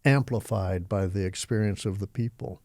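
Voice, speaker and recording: Older man, yoga teacher, gravelly, warm dark tone, vivid storytelling. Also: fairly low pitch, normal speed, no echo, clean studio sound. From Texas, US. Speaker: yoga teacher, interview guest. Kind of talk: storytelling interview.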